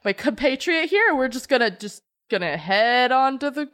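A woman speaking as a tall kitsune woman in disguise, halting and overly polite as she tries to talk her way past. The voice stays close to her own bright, fairly high pitch. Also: very animated. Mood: nervous.

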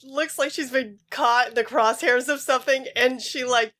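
A woman's voice: high voice, fairly even intonation, moderate pace, fairly bright tone. A woman playing in a tabletop game, describing her character with giggles and many fillers. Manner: giggly, rambling. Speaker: player. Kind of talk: casual tabletop play.

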